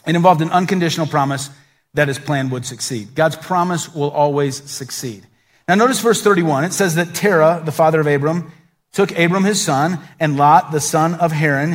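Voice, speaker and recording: A middle-aged pastor delivering a sermon in a conversational, lively way, slipping into quick acted asides. His voice sits a little on the high side for a man.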